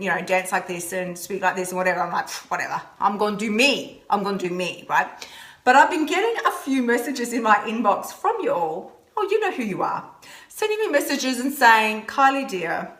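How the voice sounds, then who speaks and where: A woman's voice: fairly high pitch, bright, forceful tone, roomy sound. A woman hosting a casual live stream from home, chatting playfully with viewers by name. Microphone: phone or laptop camera, moving close and away.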